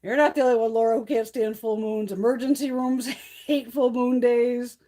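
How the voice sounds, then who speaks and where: A woman's voice: on the high side, steady tone, moderate pace, dark tone. Blunt, foul-mouthed woman chatting on a livestream. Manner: blunt, swears freely, laughs often. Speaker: beauty livestream host. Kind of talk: casual live chat with viewers. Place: home on a mountain.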